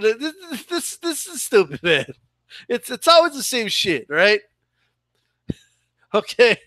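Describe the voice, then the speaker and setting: A man's voice: extremely high pitch, very animated, takes it slowly, long pauses, fairly bright tone, dry recording, studio quality. A man hosting a boxing channel, ranting sarcastically and swearing in a loose livestream chat, often ending his points with "right?". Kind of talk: profane livestream rant.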